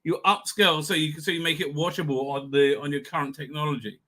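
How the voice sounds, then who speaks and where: Man, middle-aged, bright tone, a little high, tipsy, rambling casual stream chat. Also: fairly even intonation. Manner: rambling, halting, many restarts. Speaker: live stream host.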